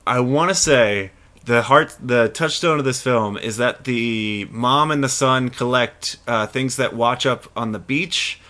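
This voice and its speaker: Male podcast host, bright voice, jokey casual chat. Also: medium pitch, unhurried. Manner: jokey, mock-earnest sign-off.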